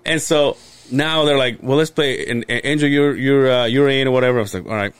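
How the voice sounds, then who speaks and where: A man's voice: medium pitch, brisk, smooth, dry recording. A man telling a long, rambling story in casual podcast chat, swearing and restarting often. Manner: rambling, profane, many restarts. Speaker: podcast co-host.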